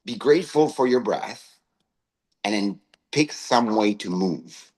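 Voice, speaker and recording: Male co-host, low voice, chatty storyteller, keeps checking in with "right?". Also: expressive, slow, darkish tone, low-quality recording. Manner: anecdotal, tags phrases with "right?". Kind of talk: casual storytelling chat.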